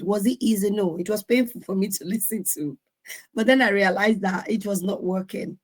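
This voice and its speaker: A woman's voice: medium pitch, low-quality recording. A woman in her forties speaking on a discussion panel, earnestly sharing parenting advice and acting out family exchanges. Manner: earnest, advice-giving, acts out family dialogue.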